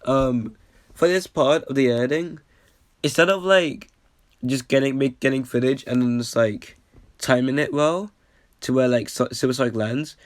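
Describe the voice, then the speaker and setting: A man's voice: medium pitch, moderate pace, no echo. A man casually reacting to his own old video, talking loosely with plenty of "like" and "um". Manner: loose and rambling, with fillers.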